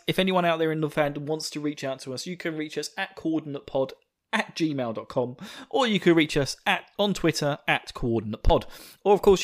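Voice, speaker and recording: A young man from England with an Essex accent, hosting a podcast in casual, self-mocking chat and laughing often. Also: on the high side. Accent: Essex English. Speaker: podcast host.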